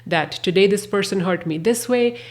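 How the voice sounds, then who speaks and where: A woman hosting a self-help podcast, talking in a gentle, earnest, reflective way with soft fillers. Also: mid-range voice, normal speed. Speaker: podcast host.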